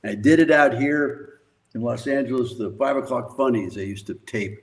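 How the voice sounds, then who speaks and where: Older male guest, mid-pitch, rambling profane storyteller who laughs a lot. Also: moderate pace, poor audio. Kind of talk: casual storytelling.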